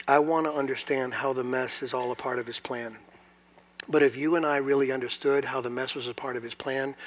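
A man preaching a sermon to a congregation, moving between quiet, confiding asides and loud, emphatic passages and putting rhetorical questions to his listeners. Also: mid-range voice. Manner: asks the audience rhetorical questions. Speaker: pastor. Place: church hall before a congregation.

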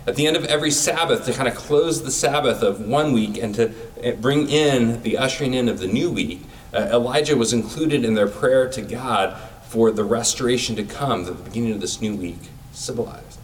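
A man's voice: medium pitch, brisk, few pauses, recorded from a distance, a little hiss or hum, low-quality recording. A man giving a sermon in a casual, conversational way, using everyday comparisons. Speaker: preacher.

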